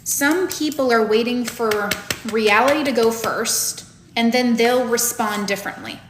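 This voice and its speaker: A woman's voice: fairly high pitch, unhurried, reverberant, noisy background. A woman coach giving a lecture to her students, blunt and emphatic, with plenty of swearing. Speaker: manifestation coach.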